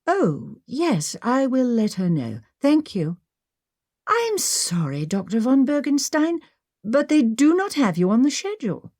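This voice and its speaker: A woman narrator voicing a polite young female museum docent with a crisp British accent. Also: a little high, very animated, unhurried, a little mellow, no echo, studio quality, voice pushed up.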